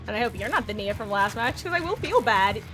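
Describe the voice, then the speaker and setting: A woman's voice: fairly high pitch, lively intonation, quick pace, bright, forceful tone, faint music behind. A young woman from New Jersey, rambling and giggly as she chats through a live game stream. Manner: rambling, giggly, self-deprecating, many restarts. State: short of breath. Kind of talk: casual live-stream commentary while playing.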